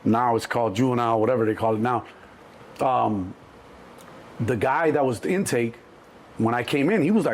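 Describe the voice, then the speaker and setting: This interview guest, a man in his 60s from Chicago, speaks in a mid-range voice at a moderate pace with long pauses. Telling stories from his past in a relaxed chat, he animatedly performs quoted voices and frequently starts over.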